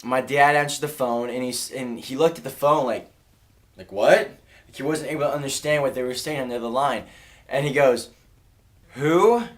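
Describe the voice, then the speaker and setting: A man's voice: mid-range voice, steady tone, moderate pace. Chatty man telling a story. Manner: chatty, restarts sentences, acts out the other voices. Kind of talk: casual storytelling. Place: his room.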